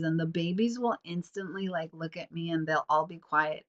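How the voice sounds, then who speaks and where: A woman's voice: low-pitched, normal speed, a bit bright, highs cut off. Rambling woman host with a sniffly nose. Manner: rambling, many fillers like "like" and "um". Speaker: podcast host. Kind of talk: casual reflective monologue. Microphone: self-recorded on camera.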